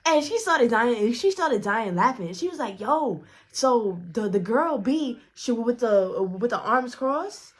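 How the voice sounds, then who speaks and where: A young woman telling a storytime tale in a fast, profane, animated way. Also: on the high side. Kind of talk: casual storytime vlog.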